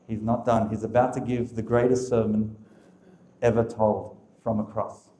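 A man's voice: lowish voice, little pitch movement, moderate pace, dark tone. Emphatic male Catholic speaker, echoey room. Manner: emphatic, rhetorical questions. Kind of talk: religious teaching talk.

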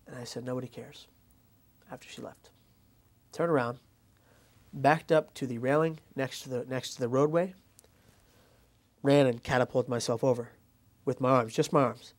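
A man quietly telling his own story as an interviewee. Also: mid-range voice, fairly even intonation, normal speed, long pauses. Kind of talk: personal testimony.

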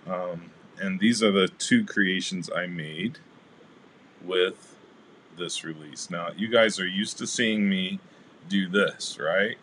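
Male craft livestream host, low voice, easygoing and chatty with viewers; light room noise. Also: takes it slowly. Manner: chatty, greets live chat viewers by name; relaxed, rambling with fillers. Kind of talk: casual craft demo livestream.

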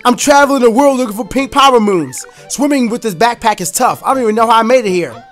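A man voicing a cheerful little male mushroom explorer from a video game in a chipper, squeaky put-on voice. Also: animated, fast, a bit bright, soft background music.

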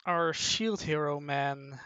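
A commentator who rambles playfully and haltingly through a casual talk while drawing, on a dull, dry lo-fi mic. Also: medium pitch, sharp tone, no room sound.

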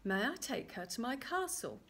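A woman's voice: on the high side, very animated, moderate pace, a bit bright, breathy edge, heavily acted. A woman voicing a grand, demanding young king who speaks with confident authority. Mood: assured.

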